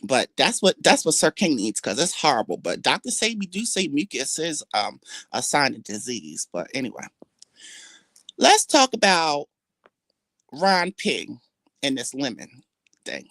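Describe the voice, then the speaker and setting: A woman hosting a livestream, talking casually in a brash, trash-talking way, drawling some words and swinging her pitch up and down for emphasis. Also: huge pitch swings, unhurried, long pauses, fairly bright tone, no room sound, studio quality. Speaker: livestream host.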